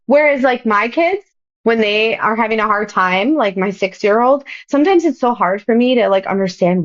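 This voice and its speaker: Woman, 30s, podcast guest; higher pitch, earnest advice-giving delivery, slightly muffled sound. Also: normal speed. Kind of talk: casual podcast chat. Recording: dull lo-fi podcast audio.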